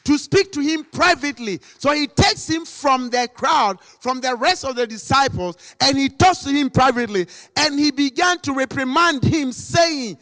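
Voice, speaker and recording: A man preaching a sermon, dramatic and acting out quotes, sometimes rising to shouts. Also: extremely high pitch, expressive, moderate pace, hardly any pauses, soft background music. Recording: long hall reverb.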